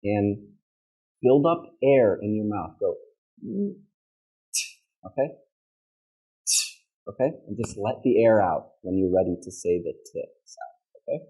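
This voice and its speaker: A male pronunciation teacher with a Midwestern American accent, speaking unhurriedly in a warm, mellow voice. He models each sound clearly and patiently keeps checking in with his students. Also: lowish voice, measured pace, pauses often, dull audio. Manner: patient, checks in with "okay?" constantly; demonstrates sounds by modeling words aloud. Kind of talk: classroom lesson.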